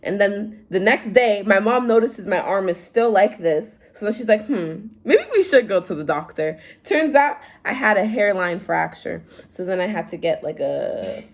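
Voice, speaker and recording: A young woman vlogger telling stories in casual chat, animated, acting out quotes in a higher voice. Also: normal speed, creaky, few pauses. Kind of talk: casual storytime vlog.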